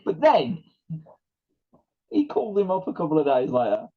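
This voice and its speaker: A man's voice: on the high side, normal speed. A man co-hosting a casual podcast, retelling a comedy bit with lots of laughter and acted-out quotes. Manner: animated storyteller, laughing, acting out quotes. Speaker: podcast co-host. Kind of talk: casual chat. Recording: dull lo-fi sound.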